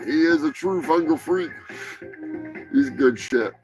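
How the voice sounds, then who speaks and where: A rowdy man hosts a live show and riffs on weird news with profane, mocking jokes. His voice sits a little high, and soft music plays faintly behind him. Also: slow, rough recording. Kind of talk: crude comedic news chat.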